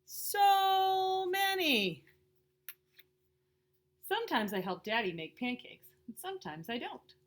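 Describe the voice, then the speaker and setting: A woman reading a children's picture book aloud in a slow, lilting way. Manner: slow and lilting, lively pitch with playful character voices. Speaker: storybook reader.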